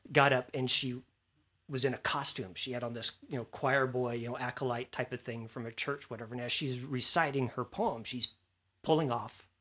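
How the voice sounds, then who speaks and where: A man casually telling an animated anecdote from his student days, with a slightly husky voice. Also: medium pitch, normal speed. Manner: animated storyteller, acts out quoted lines. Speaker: former student telling a story.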